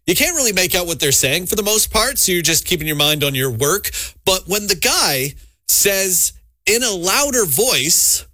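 A man's voice: high-pitched, sing-song, normal speed, pushed and bright, no room sound, clean studio sound. A man hosting a radio show, telling a story in a chatty, amused way. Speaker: radio host. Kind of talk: casual on-air chat.

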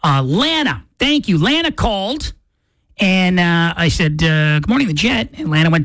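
Animated morning radio host, dry studio sound. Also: male voice, sits high, normal speed, no room sound. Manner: excitable storytelling, acts out quotes. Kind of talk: casual radio chat. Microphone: studio mic.

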